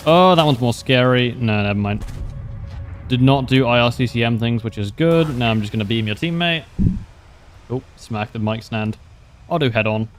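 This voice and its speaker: A man's voice: mid-range voice, moderate pace, soft background music. Laid-back young man streaming a game. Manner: laid-back, wry, laughs often, answers chat questions. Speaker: livestreamer. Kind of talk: casual gameplay commentary.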